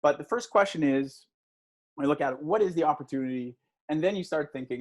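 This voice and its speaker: A man's voice: fairly high pitch, quick pace. A man giving a guest talk to a class, telling a story conversationally and asking the audience for shows of hands. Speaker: guest speaker.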